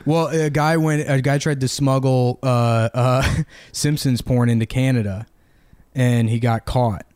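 A man's voice: mid-range voice, steady tone, unhurried, a little mellow, clear, resonant tone, dry recording. A man co-hosting a podcast, trading crude jokes in casual banter and rambling between laughs. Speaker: podcast co-host.

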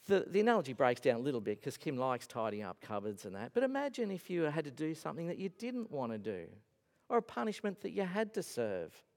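A man's voice: on the high side, creaky, long reverb tail. A man preaching a sermon as a pastor, telling stories earnestly with emphatic rises and falls. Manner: earnest storytelling, voice rising and falling with emphasis. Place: church hall.

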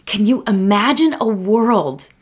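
An earnest middle-aged woman talks as a meditation teacher, her pitch rising and falling with lively swings. She rambles warmly toward her listeners, turning to them often and sounding emotional, close to tears, in a reflective solo talk. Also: a little slow, husky.

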